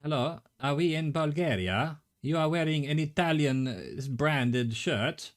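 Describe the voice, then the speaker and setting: A man's voice: fairly high pitch, lively intonation, unhurried. A middle-aged Australian man streaming a game, thinking aloud in a rambling way and swearing casually. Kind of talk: live gameplay commentary.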